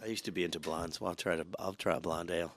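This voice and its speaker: A man co-hosting a podcast in casual chat, an animated storyteller who acts out the people in his jokes. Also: deep voice, rapid-fire, no room sound, clean studio sound. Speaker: podcast co-host. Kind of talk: casual chat, telling a joke.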